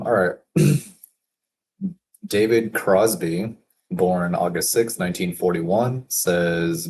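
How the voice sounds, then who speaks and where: A man in a casual solo work session, thinking aloud and reading quotes slowly, chuckling to himself now and then. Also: low-pitched, darkish tone, slight background noise. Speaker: business consultant reading daily quotes.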